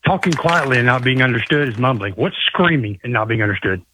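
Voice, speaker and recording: A man's voice: mid-range voice, animated, fast, pushed and bright, husky, no room sound. A male caller and game contestant cracking jokes on a call-in show. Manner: wisecracking. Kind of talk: joking call-in banter.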